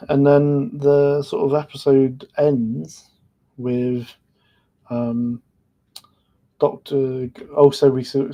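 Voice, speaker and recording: A man with a dark, mid-range voice sits on a podcast panel for a casual episode recap. He retells the events of a series in a loose, rambling way, packing his sentences with "like".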